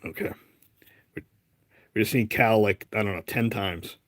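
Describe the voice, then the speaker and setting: A man's voice: on the low side, normal speed, a bit bright, dry recording. Chatty Boston man on a live stream. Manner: chatty, rambling, calls out names as he goes. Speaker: live-stream host opening card packs. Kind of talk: casual live-stream chat.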